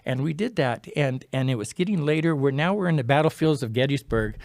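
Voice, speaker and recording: Man telling a story with animated quotes. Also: mid-range voice, brisk, vocal fry, dry recording, studio quality. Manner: animated, acts out quoted dialogue; drops to a quiet, hushed tone at key moments. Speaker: podcast guest. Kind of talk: storytelling in casual interview.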